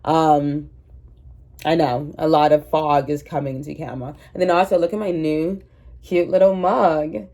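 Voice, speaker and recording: A vlogger in her twenties, sick with a cold, rambles casually and pokes fun at herself while chatting to viewers at home indoors. She is recorded on the camera's built-in mic with no separate microphone, and her deep voice is mellow and steady at a measured pace.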